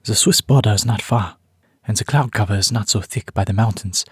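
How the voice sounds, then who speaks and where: A man voicing a calm, stern uncle with a German accent, speaking in a clipped, matter-of-fact way. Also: fairly low pitch, brisk, breathy edge, dry recording, clean studio sound.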